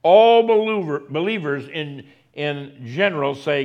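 A man preaching a sermon, speaking slowly and deliberately and repeating key phrases for emphasis. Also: a little high, animated, dull audio.

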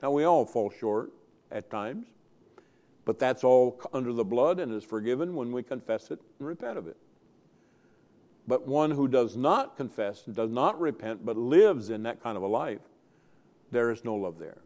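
A man preaching a sermon, earnestly repeating key phrases and swinging his loudness for emphasis. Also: mid-range voice, animated, moderate pace. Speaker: pastor.

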